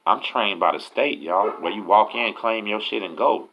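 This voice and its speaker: A man's voice: on the low side, normal speed, a little hiss or hum. A man casually telling a story, profane and full of streetwise slang. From Galveston, Texas. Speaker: host telling prison stories. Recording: dull lo-fi audio.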